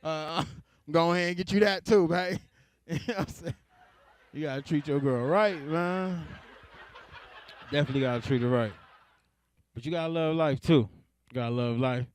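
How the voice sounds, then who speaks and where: A young adult man tells stand-up jokes in a relaxed, rambling way and chuckles at his own punchlines. His voice sits a little higher than most men's. The recording is dry and close, with little room sound. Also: moderate pace, long pauses, no room sound. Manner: laid-back, laughs at his own jokes. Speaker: stand-up comedian. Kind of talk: stand-up comedy set.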